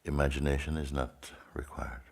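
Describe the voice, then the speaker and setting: A man as a spiritual teacher leading a guided meditation in slow, sparse phrases with long pauses. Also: very deep voice, fairly even intonation, creaky, a little mellow, husky.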